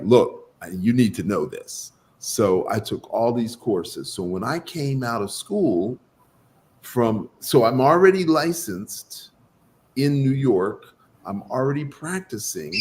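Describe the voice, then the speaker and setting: Male guest practitioner recounting his past, lively, unhurried, acts out quotes. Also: fairly low pitch, slight background noise. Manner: animated, acts out quoted dialogue. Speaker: guest doctor of Chinese medicine. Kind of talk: storytelling in an interview.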